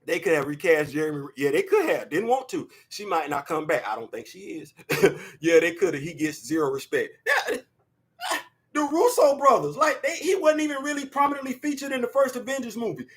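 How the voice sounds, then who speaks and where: Excitable high-voiced man talking pop culture. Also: brisk. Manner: excitable, shouts and laughs, slangy asides. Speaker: host. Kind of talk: animated casual pop-culture commentary.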